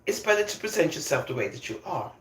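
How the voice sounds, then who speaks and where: A woman's voice: low voice, fast talker, a little hiss or hum. Emphatic older woman, roomy echo. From London, England. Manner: emphatic, animated, laughs often between points. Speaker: vlogger. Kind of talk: opinionated casual monologue.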